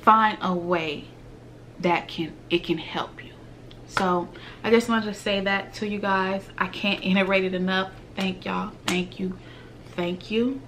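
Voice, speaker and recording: A woman's voice: medium pitch, fairly even intonation, measured pace, background noise. A woman, talking earnestly to her viewers in a heartfelt vlog. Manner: earnest, heartfelt, repetitive, slips into whispers. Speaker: vlogger. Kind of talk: emotional direct-to-camera talk.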